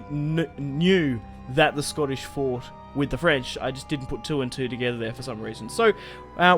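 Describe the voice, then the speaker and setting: A young man, chatting casually through a strategy game, rambling, swearing lightly and laughing at himself. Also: a little high. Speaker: gaming YouTuber. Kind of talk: casual gameplay commentary.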